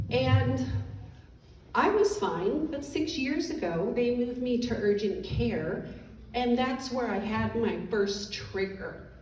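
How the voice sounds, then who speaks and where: A middle-aged woman veteran giving an emotional personal testimony, halting and apologetic as she fights back tears. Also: fairly high pitch, a little mellow. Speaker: veteran speaker. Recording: echoey room, distant mic, faint noise.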